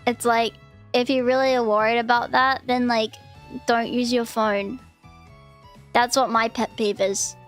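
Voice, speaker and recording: A woman's voice: on the high side, little pitch movement, unhurried, faint music behind. A young woman streamer ranting casually, swearing often and mocking people in exaggerated voices. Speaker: VTuber streamer.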